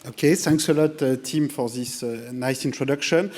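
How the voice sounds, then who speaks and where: A man with a French accent giving a public lecture in a theatre, hesitant and self-deprecating, filling pauses with "you know". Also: mid-range voice, a loud crowd, very noisy. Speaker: guest lecturer.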